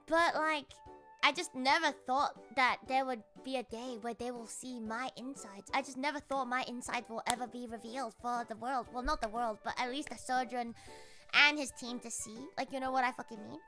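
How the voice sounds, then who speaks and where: A woman's voice: sits high, moderate pace, bright, forceful tone, soft background music. A woman streamer telling a story in a casual, rambling, profane way.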